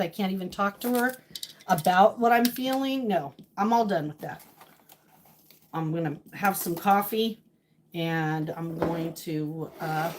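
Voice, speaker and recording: A middle-aged woman chatting on a live stream from her kitchen, moving between cheerful greetings to viewers and emotional venting. Her voice sits at an ordinary mid pitch, and there is a faint hiss of background noise behind her. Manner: talks to chat viewers by name, emotional and venting. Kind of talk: casual live-stream chat while cooking. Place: home kitchen.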